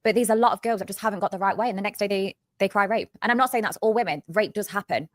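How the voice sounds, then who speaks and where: A woman giving a brash, self-assured interview, talking very fast. The sound is dry and close, with no room around her voice. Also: medium pitch, dry recording. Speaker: interview guest. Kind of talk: candid interview talk.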